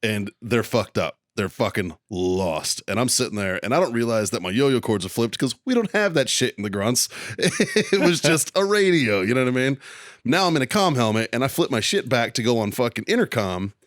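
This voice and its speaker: A man in his thirties at a dry, close studio mic, telling a story casually with a lot of swearing. His pitch sits in the middle and he breaks into laughs between fillers. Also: animated, brisk, fairly bright tone, dry recording. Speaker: podcast co-host.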